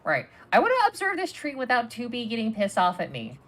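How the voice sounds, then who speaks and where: A woman's voice: on the high side, huge pitch swings, fairly quick. A woman streamer chatting playfully and rambling while playing a game. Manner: playful, rambling, many restarts. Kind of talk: casual gaming stream chat.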